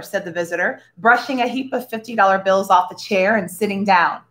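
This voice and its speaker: A woman reading a story aloud to schoolchildren, expressive and ready with character voices. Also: medium pitch, normal speed, few pauses.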